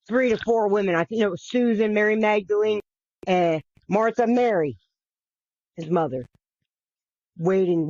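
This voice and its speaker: A podcast host with a medium-pitched, somewhat mellow voice casually and earnestly retells a bible story. He often restarts and repeats himself, with an occasional swear thrown in, all on a dry, dull lo-fi recording.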